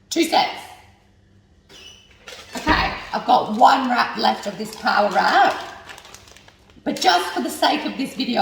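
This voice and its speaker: Young woman vlogger, lively and a bit gravelly, talks to herself while cooking, recorded from a distance in a roomy kitchen. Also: mid-range voice, a little hiss or hum. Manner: chatty, thinks aloud while cooking, swears when frustrated. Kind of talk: casual cooking chat. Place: home kitchen. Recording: echoey kitchen, mic at a distance.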